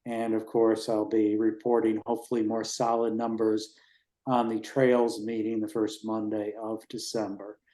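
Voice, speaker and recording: A man in his sixties giving a rambling, relaxed report on the race he organizes at a town committee meeting. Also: on the low side, normal speed, reverberant. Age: 60s. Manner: rambling, relaxed, with fillers and restarts.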